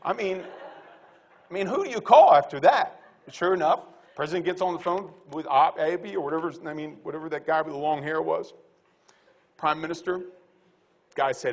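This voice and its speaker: A man speaking as a panelist at a livestock conference, blunt and folksy, animated, with quick quips. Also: on the high side.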